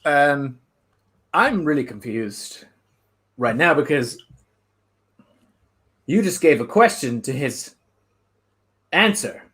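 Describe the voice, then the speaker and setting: A man doing improvised comedy, objecting in a confused, halting way. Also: a little high, lively intonation, fairly bright tone. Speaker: improv performer. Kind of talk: improvised comedy over video call.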